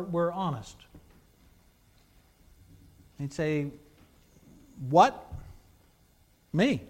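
A pastor delivers a sermon in a high, light male voice. He drops to near-hushed phrases, then rises to emphatic, forceful passages. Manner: preaching with swings between hushed and emphatic.

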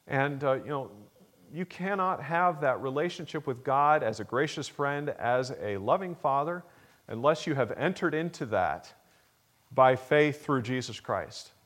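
A man preaching a Sunday morning sermon as pastor, earnest, rising to emphatic peaks and then dropping low and soft. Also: expressive, a little slow. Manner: acts out a child's pleading voice in a story.

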